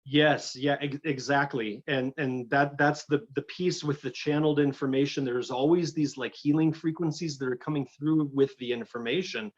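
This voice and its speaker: A middle-aged man telling a personal story as a guest in an interview, animated and full of restarts. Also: on the high side, moderate pace, hardly any pauses, highs cut off. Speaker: guest, energy healer.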